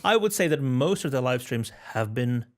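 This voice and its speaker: A man co-hosting a casual gaming podcast, jokey and rambling, laughing often and filling pauses with ums. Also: medium pitch, lively intonation. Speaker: podcast co-host.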